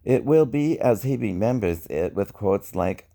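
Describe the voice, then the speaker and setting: Slow, low-voiced male poet. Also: big pitch swings, vocal fry, warm tone. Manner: slow, wry and reflective. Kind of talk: spoken-word poetry reading.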